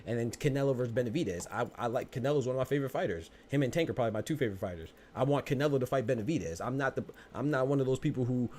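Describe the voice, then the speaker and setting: A man's voice: medium pitch, racing, hardly any pauses, darkish tone, slight background noise. A man hosting a live-stream podcast and answering his chat. He talks in combative rebuttals, with stammering restarts and lots of repetition. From United States. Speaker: podcast host.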